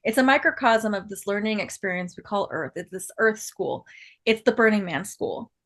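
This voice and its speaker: A woman's voice: medium pitch, normal speed, fairly bright tone. A woman guest on a podcast, telling stories chattily, laughing often and restarting her sentences. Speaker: guest artist and builder. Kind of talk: casual podcast conversation.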